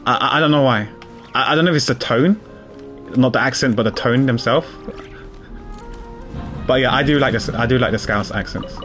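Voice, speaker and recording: A man streams a game, rambling casually, repeating his words and chuckling. His medium-pitched, slightly bright voice moves a little fast with long pauses, and faint music plays behind him.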